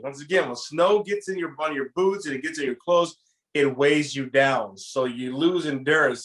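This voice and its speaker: A man casually telling a story from his youth to a friend, animated and acting out the lines he quotes. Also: on the high side. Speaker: podcast co-host telling a story.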